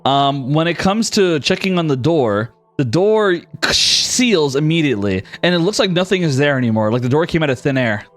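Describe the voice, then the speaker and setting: A man's voice: a little high, animated, moderate pace, a bit bright. A man narrating as game master, casual and rambling. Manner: casual, rambling, self-deprecating.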